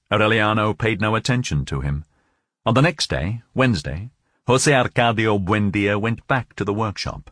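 Expressive male audiobook narrator, low voice. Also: dry recording, studio quality. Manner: measured, expressive storytelling. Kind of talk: scripted narration of a novel.

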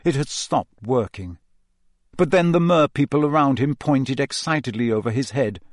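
Guy reading a novel aloud, measured and expressive, dry studio sound. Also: mid-range voice, no echo. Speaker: audiobook narrator. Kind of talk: scripted narration of a novel.

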